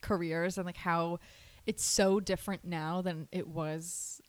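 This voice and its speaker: A woman's voice: lowish voice, fairly even intonation, a little slow. A woman in her twenties, co-hosting a casual podcast chat, talking in a chatty way with swearing and laughs. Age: 20s. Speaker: podcast co-host.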